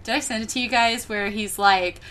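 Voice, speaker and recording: A woman co-hosting a podcast, telling stories in a casual, animated way with laughter and casual swearing. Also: on the high side, a little fast. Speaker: podcast co-host. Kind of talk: casual chat.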